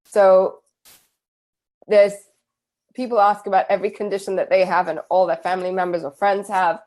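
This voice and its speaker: A woman's voice: medium pitch, little pitch movement, normal speed, darkish tone. A woman from England with a British accent, hosting a live Q&A stream and reading out viewer comments with enthusiasm. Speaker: host.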